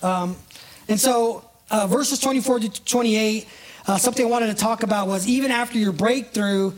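A preacher delivering a relaxed sermon in plain conversational speech. The talk leans on "right?" and "you know", and listeners get pulled up to act out the scene. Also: medium pitch, normal speed. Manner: casts listeners in live illustrations.

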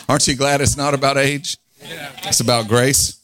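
A man's voice: mid-range voice, steady tone, normal speed, a bit bright. A man in his forties preaching a fervent revival sermon, leading the crowd in call-and-response and laughing often. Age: 40s.

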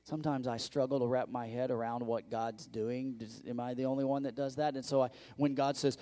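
A male pastor preaching a conversational sermon, asking the congregation questions and acting out quoted voices, moving between loud bursts and quiet low asides. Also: steady tone, brisk, hardly any pauses.

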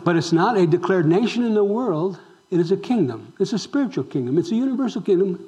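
A man preaching a sermon as pastor, asking the congregation questions and moving between loud emphasis and hushed tones. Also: sits high. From raised Roman Catholic. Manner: swings between loud exclamations and hushed near-whispers.

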